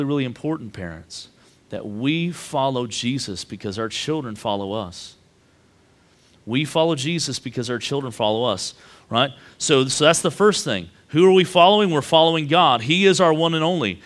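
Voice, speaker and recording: A man, preaching a sermon as pastor in a relaxed, conversational way, often checking in with "right?". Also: a little high. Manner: conversational, tags lines with "right?".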